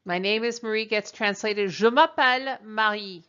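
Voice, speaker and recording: A woman teacher leading a recorded translation drill, speaking slowly and deliberately with pauses. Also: medium pitch, a bit bright, clean tone, highs cut off. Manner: slow, deliberate dictation with pauses. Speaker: French teacher.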